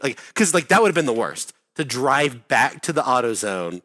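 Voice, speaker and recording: A man's voice: mid-range voice, sing-song, moderate pace, pushed and bright. A man telling a rambling story in casual chat, full of fillers, restarts and swearing.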